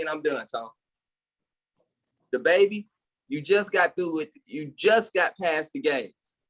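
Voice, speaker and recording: An opinionated man rants on a casual podcast, his voice sitting a bit higher than usual for a man. He gets heated and fired up, then laughs at his own jokes. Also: a bit bright. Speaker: podcast co-host.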